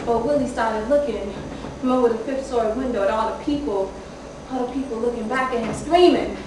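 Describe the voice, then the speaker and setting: A woman's voice: on the high side, a little fast, background noise, lightly acted. A woman playing a young mother telling a harrowing story in an intense stage monologue. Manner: intense dramatic monologue, shouting at peaks. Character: young mother telling of her children's father. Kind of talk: theater monologue. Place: theater stage. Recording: echoey hall from far off.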